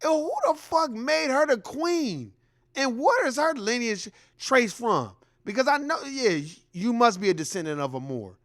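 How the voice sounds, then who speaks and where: A man's voice: extremely high pitch, very animated, measured pace, fairly bright tone. A man giving a heated, profane reaction commentary in a casual, repetitive ranting style.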